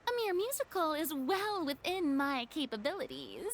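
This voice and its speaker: A woman's voice: high voice, very animated, a little slow, a little hiss or hum. A woman voicing a proud, theatrical young female former goddess in a video game, speaking in a haughty, dramatic manner. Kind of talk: game dialogue.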